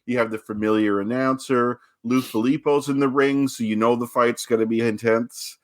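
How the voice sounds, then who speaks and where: A man's voice: mid-range voice, moderate pace. Opinionated male podcast co-host. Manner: animated, opinionated, piles on examples. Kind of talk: casual movie chat.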